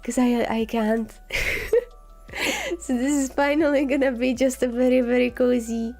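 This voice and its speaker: A woman streamer chatting casually in a soft, slow, cozy way while sick with a scratchy, sore throat. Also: sits high, animated. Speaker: vtuber streamer. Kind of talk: casual chat.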